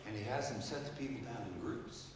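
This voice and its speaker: A man in his seventies preaching a storytelling sermon, swinging from loud exclaiming to hushed quoted words. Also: mid-range voice, a little fast, noisy background. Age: 70s. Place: large church hall. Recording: echoey hall, mic from far off.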